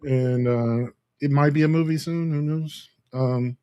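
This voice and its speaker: A man's voice: fairly high pitch, fairly even intonation, measured pace, warm tone, clear, resonant tone, no echo, dull audio. A man co-hosting a live talk show in casual chat, easygoing, with frequent laughs and filler words. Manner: easygoing, laughs often, many ums and uhs.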